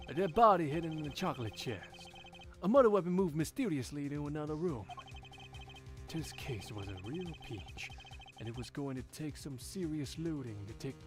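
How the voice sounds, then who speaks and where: A man's voice: a little high, expressive, moderate pace, music in the background, natural voice. A man voicing a slangy, hard-boiled detective narrating a case in a fan game dub. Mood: dramatic.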